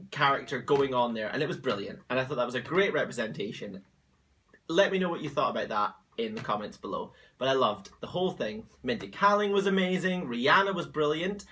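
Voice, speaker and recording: Young guy vlogging, chatty and opinionated, bright voice. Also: medium pitch, a little hiss or hum. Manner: animated, gossipy and opinionated. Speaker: vlog host. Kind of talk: casual chatty vlog.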